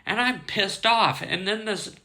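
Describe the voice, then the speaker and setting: A man's voice: high-pitched, measured pace. A man casually retelling a strange dream, swearing often and sounding indignant as he tells it. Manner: heavy swearing, animated and indignant. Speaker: storyteller.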